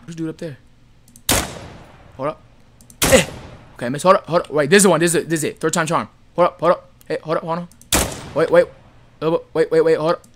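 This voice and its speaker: A young man giving casual, excitable gameplay commentary full of slang, with game gunfire behind him. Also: on the high side, fast talker, pauses often, background noise. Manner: excitable, yelling at enemies, slangy. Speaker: gaming YouTuber.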